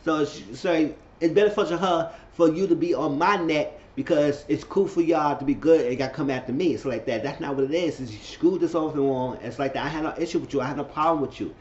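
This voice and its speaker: A man giving a casual TV episode recap, telling it with excitable energy and slipping into quoted voices. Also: fairly high pitch, fast, hardly any pauses, roomy sound, muffled recording. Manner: excitable storytelling, repeating phrases, jumping into quoted voices. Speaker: TV recap vlogger.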